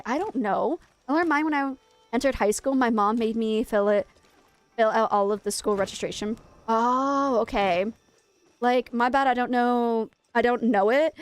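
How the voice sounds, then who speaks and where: A young woman streamer chatting casually while gaming, telling a rambling, self-mocking story. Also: on the high side.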